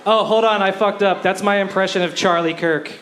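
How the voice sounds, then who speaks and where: A man doing a stand-up comedy set on a club stage, telling deadpan one-liners and self-deprecating jokes into a handheld mic. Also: high-pitched, brisk, crowd noise.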